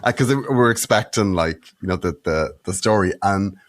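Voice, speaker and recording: Sheepish lively man telling a story. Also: low-pitched, moderate pace, no echo, studio quality. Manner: sheepish storytelling, frequent laughs. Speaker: podcast co-host. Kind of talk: casual comedy podcast chat.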